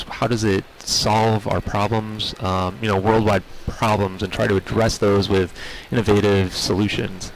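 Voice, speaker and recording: A man speaking for an industry group, explaining technology trends in a measured way with many filler words. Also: fairly low pitch, gravelly, a little hiss or hum, rough recording. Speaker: industry spokesperson. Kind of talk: on-site interview.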